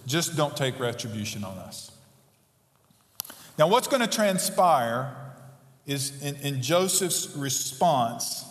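Man, pastor, sermon, impassioned, roomy echo, long reverb. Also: on the high side. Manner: rising to impassioned emphasis, quick asides. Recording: echoey hall, long reverb.

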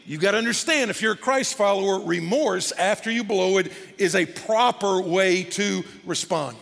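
Male pastor, high gravelly voice, animated sermon delivery, long hall reverb. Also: normal speed. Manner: animated, acts out scripture scenes in character voices.

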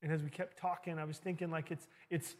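A man's voice: on the high side, little pitch movement, fast talker. A man preaching a sermon, telling a personal story in an earnest, conversational way.

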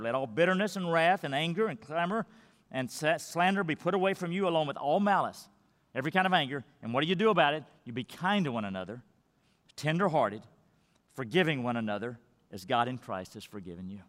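A man preaching a sermon as pastor, swinging between loud, emphatic peaks and hushed, quiet lines. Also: on the high side. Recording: long reverb of a large hall.

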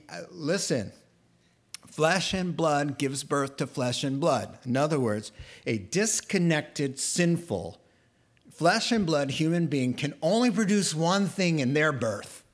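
Animated pastor telling a story. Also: male voice. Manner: animated storytelling, voicing characters with a rising pitch; conversational, jokes with the congregation. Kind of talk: sermon.

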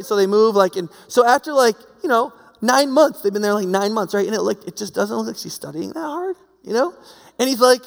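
A man's voice: high voice, expressive, a little fast, vocal fry, in a large hall. A man preaching a sermon in a conversational way, full of fillers and rhetorical questions. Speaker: pastor.

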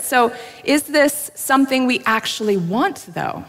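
A woman's voice: high-pitched, lively intonation, measured pace, a bit bright. A woman preaches a sermon in a church sanctuary, her voice trailing into a long hall reverb. She tells her story candidly and with self-deprecating humor, breaking into little laughs along the way. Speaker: pastor.

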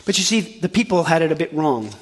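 A man preaching a sermon as a pastor, animated and full of restarts, acting out the voices of the people he quotes. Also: on the high side, brisk, in a large hall. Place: church auditorium.

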